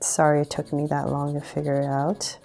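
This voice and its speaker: A woman's voice: sits low, completely flat delivery, brisk, dark tone, soft background music. A woman hosting a casual drawing tutorial, chatty and giggly, often saying um and poking fun at herself. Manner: chatty, giggly, self-deprecating, many ums.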